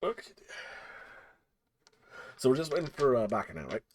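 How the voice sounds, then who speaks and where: A man's voice: mid-range voice, normal speed. A man acting as game master, chatting casually and joking at his own expense. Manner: relaxed, swearing, self-mocking. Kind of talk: casual streaming chat between game turns.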